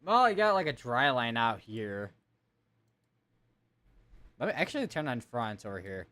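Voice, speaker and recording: A man hosts a live severe weather stream, talking casually and thinking aloud while clicking through weather maps. His voice is medium-pitched, expressive and sharp in tone, and he takes an unhurried pace.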